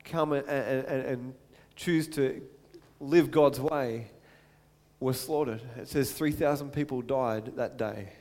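A man's voice: medium pitch, steady tone, slow, darkish tone, big-room sound. A man preaching a sermon in a conversational way, stopping for asides and acting out the quotes he reads.

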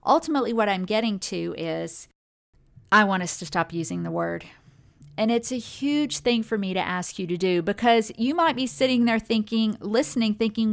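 A woman hosts a motivational well-being talk, addressing her listeners directly and conversationally. Her voice is mid-pitched with vocal fry, and she speaks at a moderate pace.

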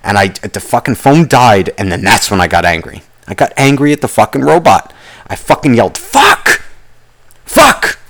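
A young man on his podcast talks fairly quickly in a lowish, lively voice, telling a long story casually. His telling rambles with restarts and side comments, and he swears constantly.

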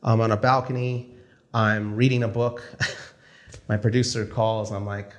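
A male film director telling a story casually, acting out the conversations he quotes. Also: on the low side. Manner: animated, acts out dialogue in quick quoted exchanges.

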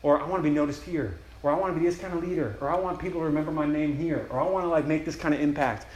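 A man's voice: fairly high pitch, very fast, a little mellow. A young man giving a casual, enthusiastic retreat sermon, acting out inner prayers as he goes. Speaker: campus ministry speaker. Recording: echoey room with faint ambience.

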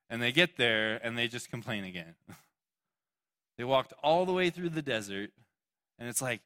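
A young man preaching a lively sermon with a bright, forceful voice. He jokes as he goes and calls on people in the room by name. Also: medium pitch, normal speed, pauses often. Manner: animated, joking, takes questions from listeners. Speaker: pastor. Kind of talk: youth sermon.

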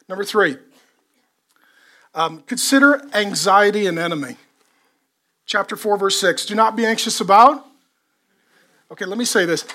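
Male pastor, high voice, energetic sermon delivery, punchy repetition. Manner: lively preaching with repetition and rhetorical questions.

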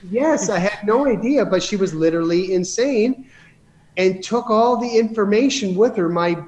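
Animated man telling business stories. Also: high-pitched, normal speed. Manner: rambling storyteller with many restarts. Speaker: guest. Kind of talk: casual podcast interview.

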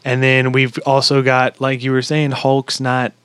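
A man in the middle of his range, talking fast and loose, full of swearing and bursts of excitement as he retells scenes. The sound is dry and close, with no room around it. He sounds like a podcast co-host in casual chat. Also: mid-range voice, smooth, no echo. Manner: excitable, heavy swearing, lively storytelling. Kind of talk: casual movie review chat.

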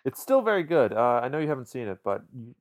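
A man co-hosting a casual film podcast, agreeable and relaxed, steering toward the closing question. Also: mid-range voice, fast. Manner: relaxed, agreeable, wraps up segments. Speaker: podcast co-host.

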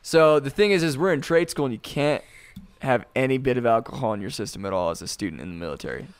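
A man's voice: medium pitch, animated, fast talker, clean tone. A man in his thirties telling a rowdy story in a casual chat among friends. He laughs often and acts out the people he quotes. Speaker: podcast co-host telling a story.

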